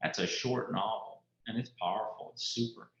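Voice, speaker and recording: A man, an author telling stories from his life in a relaxed interview. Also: on the low side, moderate pace. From Louisiana. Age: 50s. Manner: folksy, anecdotal, quotes mentors. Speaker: author guest. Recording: roomy, muffled lo-fi sound.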